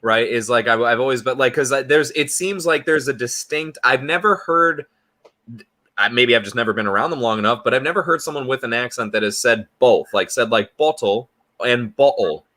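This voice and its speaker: A man co-hosting a casual chat, curious and halting, restarting his questions. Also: mid-range voice, sharp tone. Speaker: podcast co-host.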